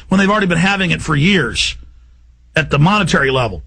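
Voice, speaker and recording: A man hosting a talk radio show, ranting fast and getting agitated, often rising to shouts. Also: on the high side, animated, gravelly, breathy edge. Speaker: radio host. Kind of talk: heated talk radio rant.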